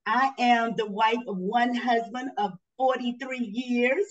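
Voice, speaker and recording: A woman's voice: fairly high pitch, fairly even intonation, slow, far from the mic, highs cut off. A woman in her sixties from Georgia introducing herself on a panel with chatty, self-aware asides. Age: 60s. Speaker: panelist, author and transformation coach.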